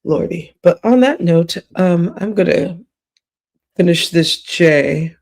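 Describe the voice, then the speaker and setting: A woman's voice: on the low side, slow pace, darkish tone. A woman livestreamer with a cracking voice, giving rambling, gossipy late-night commentary with whispered asides.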